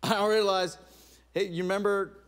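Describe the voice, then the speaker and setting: A middle-aged man preaching a sermon, telling stories in an animated way, with laughs and restarts. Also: high-pitched, moderate pace. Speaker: pastor.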